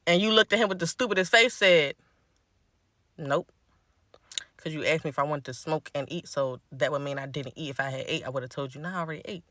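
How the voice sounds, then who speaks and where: A woman's voice: low-pitched, quick pace, few pauses, a bit bright, no echo. A woman telling a casual, exasperated storytime about a date.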